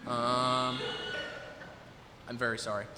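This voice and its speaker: A young man in his twenties talks casually to an audience from the stage, thinking aloud and hesitating as he goes. His voice is bright and forward. It rings with the long reverb of a recital hall, over a faint hiss of noise. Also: medium pitch, level tone, slow pace. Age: 20s. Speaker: recital performer talking to the audience.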